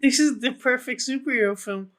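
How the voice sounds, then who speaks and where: Podcast co-host, bright voice, enthusiastic, blunt, casual chat with swearing. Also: sits high, brisk.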